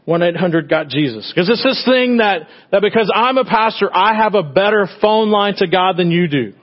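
Conversational pastor preaching, slightly dull sound. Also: male voice, high-pitched, normal speed. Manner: conversational and storytelling, swinging from loud bursts to hushed tenderness. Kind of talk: sermon.

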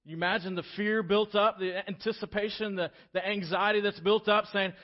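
A man preaching a sermon as pastor, acting out voices from the scripture story in an animated way. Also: high-pitched, fairly quick, hardly any pauses, muffled recording. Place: church sanctuary.

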